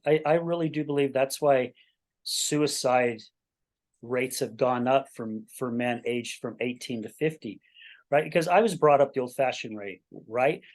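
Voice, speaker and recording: A man in his sixties hosting a podcast interview, telling stories earnestly in casual chat, with frequent restarts and checking in with "right?". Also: medium pitch. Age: 60s. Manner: earnest storytelling with many repeated starts and "right?". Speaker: podcast host.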